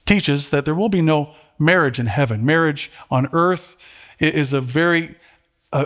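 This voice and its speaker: A middle-aged man with a somewhat high voice delivers a sermon. He talks earnestly, often repeating words as he searches for them, and sounds close to tears. When he reads scripture his voice climbs and swells. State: holding back tears. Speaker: pastor.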